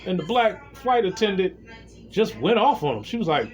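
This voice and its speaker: A man's voice: high-pitched, moderate pace. A man speaking a casual monologue to his viewers, telling a story with plenty of swearing and addressing them directly as "y'all". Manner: animated storytelling, swearing freely; talks straight to viewers as "y'all". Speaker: vlogger.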